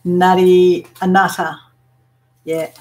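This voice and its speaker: Australian woman hosting a relaxed live craft stream, easygoing and unhurried, quick to laugh. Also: on the low side. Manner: laughs often, explains slang to viewers. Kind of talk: casual live chat while working.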